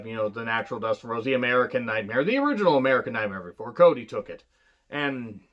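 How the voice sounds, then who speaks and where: Guy rambling thru a wrestling review, swears a lot, lots of uh's, kinda dull lo-fi sound. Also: medium pitch. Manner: rambling, profane, lots of fillers and asides. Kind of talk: casual retro review monologue.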